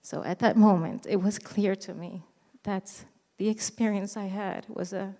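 A woman in her thirties giving a personal faith testimony, earnest and halting, with frequent restarts. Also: medium pitch, steady tone, mellow. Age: 30s. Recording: reverberant hall.

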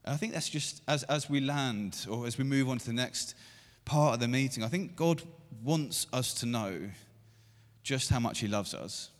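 A man's voice: mid-range voice, moderate pace. Preaching man in an echoing hall. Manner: builds to loud emphatic repetition. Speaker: pastor. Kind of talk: sermon. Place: church meeting room. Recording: long hall reverb.

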